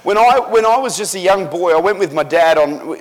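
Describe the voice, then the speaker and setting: A middle-aged man preaching a sermon in a church, telling stories with fervent, emphatic delivery that builds to loud climaxes. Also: high-pitched, animated, a little fast. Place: church sanctuary. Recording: echoey church hall.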